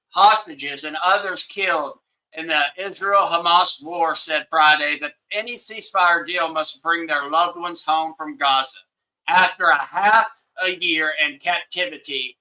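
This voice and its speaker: Brief: Southern male streamer, rambling, heated takes, apologetic asides, piercing bright tone, pitched a bit high. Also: poor audio. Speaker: livestream host. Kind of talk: casual live-stream commentary. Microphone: webcam setup.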